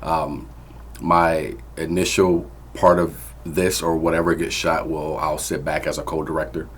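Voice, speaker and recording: A man as a screenwriter guest on a podcast, speaking firmly and deliberately with halting restarts. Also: extremely low pitch, flat delivery, slightly rough. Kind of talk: podcast conversation.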